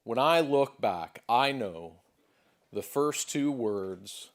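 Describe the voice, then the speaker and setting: A man's voice: mid-range voice, lively intonation, slow pace. A man giving a motivational stage speech at a conference, emphatic and repetitive, building in intensity. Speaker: motivational speaker. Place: conference hall.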